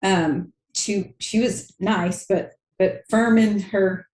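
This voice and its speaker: A woman's voice: mid-range voice, fairly even intonation, slow pace, darkish tone, echoey room. A woman co-hosting a podcast, telling a story in casual chat, laughing often and understating things wryly. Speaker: podcast co-host.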